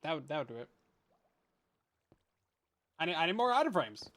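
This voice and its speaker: A man's voice: fairly high pitch, sing-song, moderate pace, fairly bright tone. A man streaming a survival game, chatting casually with viewers in a joking, self-deprecating way and laughing often. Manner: rambling, chatty asides. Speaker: Minecraft streamer. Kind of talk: casual let's-play chat with viewers.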